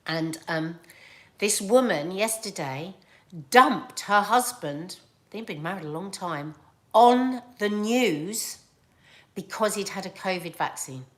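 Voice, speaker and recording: A woman's voice: mid-range voice, expressive, slow, fairly bright tone. A woman chatting casually to camera as a vlogger, rambling with fillers and laughs.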